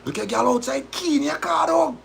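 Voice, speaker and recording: A man putting on the voice of a panicked man at a party who shouts a high, strained alarm. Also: a little fast, creaky, exaggerated voice.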